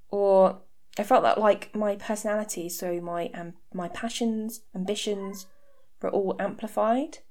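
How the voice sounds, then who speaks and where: A woman's voice: mid-range voice, steady tone, measured pace, a little mellow. Thirties woman podcasting from home, candid, self-mocking, sarcastic little jokes. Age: 30s. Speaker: podcast host. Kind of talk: candid personal podcast talk. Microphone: home podcast mic.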